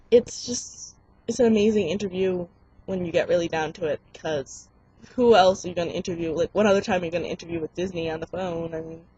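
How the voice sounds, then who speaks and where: Excitable young new girl vlogging advice, kinda husky, squeals her quotes, muffled webcam audio. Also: dry recording. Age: young adult. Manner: bubbly, excitable, acts out quotes in high squeals. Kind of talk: casual advice vlog.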